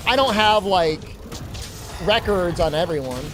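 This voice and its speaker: Animated high-voiced male game streamer. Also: unhurried, soft background music. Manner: chatty, animated storytelling with laughs. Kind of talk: casual chat while gaming.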